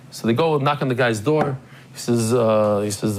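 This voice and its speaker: A man hosting a daily class, telling a story in a lively, joking way and acting out the people in it, then greeting guests in the room. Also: mid-range voice, unhurried, long pauses, a little hiss or hum. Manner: animated, jokey, acts out the people in his stories. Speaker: daily Talmud class teacher and host. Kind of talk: casual storytelling to a live class.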